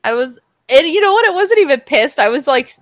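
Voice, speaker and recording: A woman co-hosting a casual chat, telling a story in an animated way, swearing freely and acting out what people said. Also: sits high, brisk, low-quality recording.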